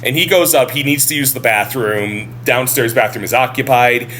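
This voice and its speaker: A man co-hosting a casual podcast, talking in an animated way, laughing often and swearing casually. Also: medium pitch, moderate pace, a little hiss or hum. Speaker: podcast co-host.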